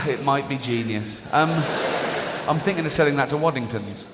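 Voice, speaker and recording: In a large, echoing venue full of audience noise and a loud crowd, a middle-aged English man delivers a chatty stand-up routine, checking in with listeners along the way. He speaks at a moderate pace with a medium pitch.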